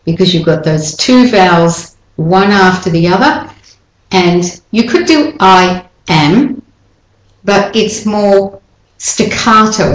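A woman teaching an English pronunciation lesson, saying words slowly and repeating each one for the listener to copy. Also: fairly low pitch, echoey room, rough recording.

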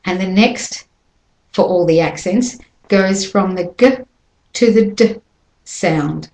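A woman teaching English pronunciation, speaking carefully and modelling words slowly for listeners to copy. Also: lowish voice, a little mellow, echoey room, rough recording. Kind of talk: slow instructional lesson with repeated examples.

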